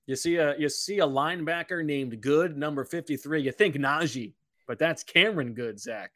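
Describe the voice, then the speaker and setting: A man's voice: on the high side, normal speed, pushed and bright, dry recording, studio quality. A man working as a football color commentator, opinionated and emphatic, who gets fired up about the calls.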